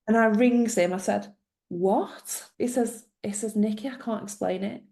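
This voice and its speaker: A middle-aged woman tells a story with a gravelly, mellow voice. She slips into the people she quotes as she goes. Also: mid-range voice, unhurried. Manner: animated storyteller, acts out quoted dialogue. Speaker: guest, former social worker. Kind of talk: storytelling in a conversation.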